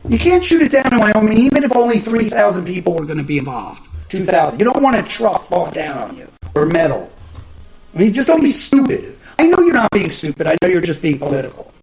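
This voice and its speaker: A man with a high, lively voice vents about current events on his own show. His pitch leaps around as he swears in exasperation. He often trips over words and starts his sentences again. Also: fairly quick, low-quality recording. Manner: profane, exasperated, stumbling restarts. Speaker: podcast host. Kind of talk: casual ranting commentary.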